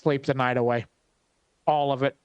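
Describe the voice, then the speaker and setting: A man's voice: medium pitch, fairly even intonation, moderate pace, clear, resonant tone, no echo, dull audio. A man giving casual, wry commentary as he plays a cozy game, thinking aloud and teasing characters. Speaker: gameplay commentator.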